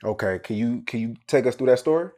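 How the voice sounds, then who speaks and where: A man's voice: medium pitch, fast talker, darkish tone. Man asking short interview questions. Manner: brief, prompting questions.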